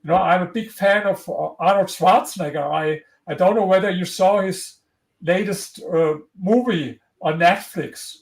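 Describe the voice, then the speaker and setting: High-voiced man with German accent. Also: a little slow, poor audio. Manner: earnest, motivational, frequent restarts. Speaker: interview guest, author. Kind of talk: conversational interview.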